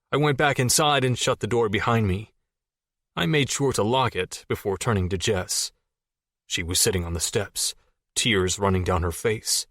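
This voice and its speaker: Low-voiced male audiobook narrator. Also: a bit bright, no room sound, clean studio sound. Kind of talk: scripted first-person narration.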